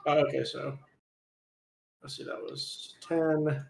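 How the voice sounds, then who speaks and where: A man's voice: mid-range voice, little pitch movement, slow pace, creaky, a little hiss or hum. A man playing a tabletop game in casual chat, hesitant and thinking aloud as he works out his moves. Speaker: player. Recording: echoey room.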